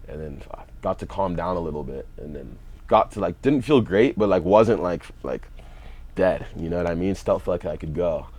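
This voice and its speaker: A man's voice: low-pitched, expressive, normal speed, darkish tone. A young man telling a story in a laid-back way, with lots of "you know" and "like". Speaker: podcast guest, fighter. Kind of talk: casual storytelling.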